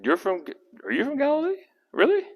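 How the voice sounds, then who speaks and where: A man's voice: sits high, huge pitch swings, moderate pace, phone-quality sound, pitched above the performer's own voice. A man voicing a puzzled, weary male governor who asks questions in disbelief. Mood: incredulous.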